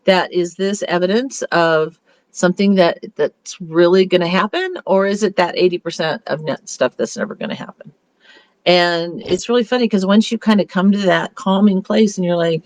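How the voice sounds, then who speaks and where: A woman's voice: lowish voice, moderate pace, darkish tone, dry recording. A woman beauty consultant giving a casual motivational talk in a chatty, upbeat way, with rambling restarts. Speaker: beauty consultant leading a meeting.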